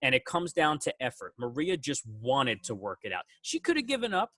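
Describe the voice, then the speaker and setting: Man, teacher, casual on-call award speech; bright, dry and close. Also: mid-range voice, normal speed, no room sound. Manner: warm, animated praise with quoted student voices.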